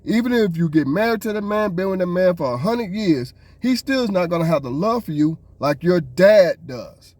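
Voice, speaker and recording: A man's voice: sits high, expressive, moderate pace, hardly any pauses, a little mellow, no echo. Fed-up podcast guy ranting, aave, voice jumps all over, dry close sound. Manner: exasperated, ranting. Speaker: podcast co-host. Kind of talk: casual reaction commentary.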